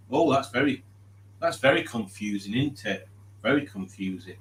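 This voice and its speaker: A man's voice: medium pitch, expressive, normal speed, a little hiss or hum. A man hosting a live stream, reading chat aloud in a chatty, jokey way and laughing often. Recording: roomy echo.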